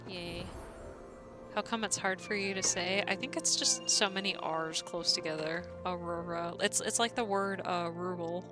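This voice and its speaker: A woman's voice: medium pitch, normal speed. A young woman from the Southern US with a Southern accent, streaming a game and chatting casually as she answers messages from her chat. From Southern United States. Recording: music playing behind the voice.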